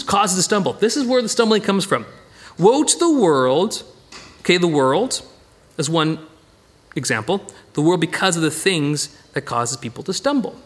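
A middle-aged man teaching a Bible study with slides, animated, often repeating phrases and correcting himself mid-sentence. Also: high-pitched.

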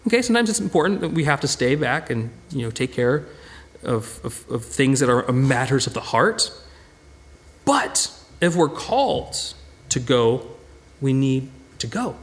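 Male pastor, casual sermon, fairly high voice, lively pitch, chatty, repeats himself. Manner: animated, chatty, restarts and repeats words. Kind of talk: conversational sermon.

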